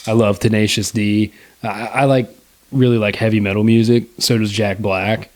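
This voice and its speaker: Laid-back young man with a low voice. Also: level tone, normal speed. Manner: laid-back, rambling, lots of fillers and swearing. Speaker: podcast co-host. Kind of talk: casual movie review chat.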